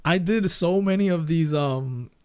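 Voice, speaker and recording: A man's voice: fairly high pitch, a little slow, darkish tone, smooth. A man streaming and chatting casually, rambling with lots of fillers, restarts and little laughs. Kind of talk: casual chat with chat.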